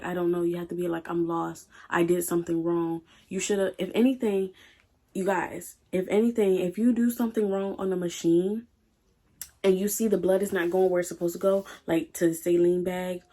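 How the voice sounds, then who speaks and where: Young woman vlogging, gravelly husky voice, blunt and emotional, cusses a lot, says y'all to viewers, soft music under it. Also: on the low side. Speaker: hemodialysis tech and vlogger. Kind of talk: casual storytelling vlog.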